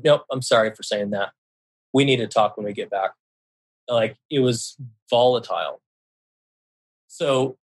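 Guy telling his story, plain mid voice, keeps stumbling and restarting, gets loud quoting people then real quiet. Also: mid-range voice, husky. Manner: halting, repeats words and restarts sentences; quotes others in a raised voice and drops very quiet for soothing lines. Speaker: guest telling a personal story. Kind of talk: casual spoken storytelling.

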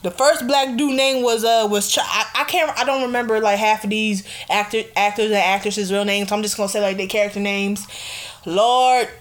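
A young woman hosting a casual radio show, chatting in an animated, excitable way and laughing often. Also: medium pitch, brisk. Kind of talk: casual chat.

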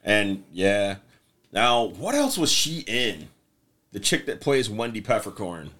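A man co-hosts a loose, casual podcast, retelling movie scenes with constant profanity. He breaks into quick impressions of the characters, and his voice swings widely in pitch. He sounds like he is talking into a podcast microphone. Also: big pitch swings, a bit bright. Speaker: podcast co-host. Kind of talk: casual chat.

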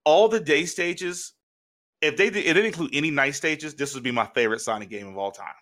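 A man co-hosting a podcast in casual chat, rambling and excitable with lots of restarts. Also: a little high, fairly quick. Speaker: podcast co-host.

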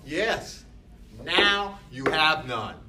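A man's voice: fairly high pitch, expressive, extremely slow. A man teaching a class in a blunt, emphatic way, often arguing with himself in quoted dialogue. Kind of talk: classroom lecture. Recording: distant mic with faint room noise.

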